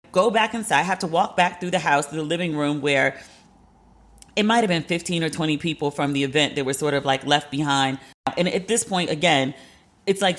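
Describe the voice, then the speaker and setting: A woman podcast host telling a story in a candid, casual way, swearing freely and acting out what people said with sharp jumps in pitch. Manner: candid and profane, acts out quotes with lively jumps in pitch.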